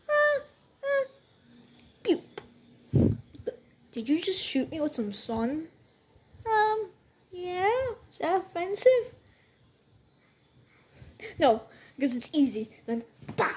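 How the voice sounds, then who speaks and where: A woman doing playful toy role-play, voicing every character with bouncy, excitable lines and frequent sound effects. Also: extremely high pitch, takes it slowly, long pauses.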